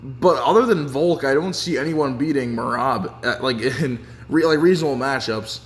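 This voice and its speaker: A young man giving casual fight reaction commentary, excitable and rambling, with many restarts. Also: medium pitch, normal speed, slightly rough. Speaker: MMA fan reviewing fights.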